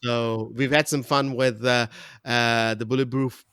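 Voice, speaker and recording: A man's voice: mid-range voice, level tone, a little slow, fairly bright tone, clear, resonant tone, no echo, clean studio sound. A man hosting a casual podcast chat, rambling with laughs and stammered restarts. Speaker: podcast host.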